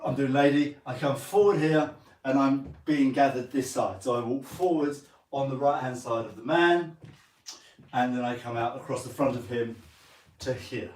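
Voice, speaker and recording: A man's voice: mid-range voice, normal speed, a little mellow, distant mic, a little hiss or hum. An English man leading a live-streamed dance lesson, chatting with viewers while counting and singing out the steps. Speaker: dance teacher. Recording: roomy sound from away from the mic.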